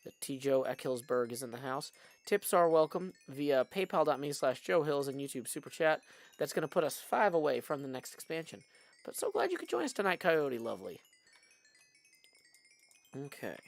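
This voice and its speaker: A man's voice: on the high side, sing-song, moderate pace, creaky, soft background music. A man hosting a live game stream, chatting casually and reading viewer messages aloud.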